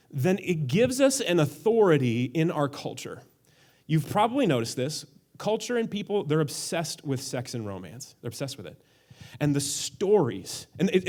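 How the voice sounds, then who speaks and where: Young male pastor, lively sermon delivery, swinging melody, light on his feet with comic bits. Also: a little high. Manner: playful, animated, acts out quotes in funny voices. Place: church auditorium.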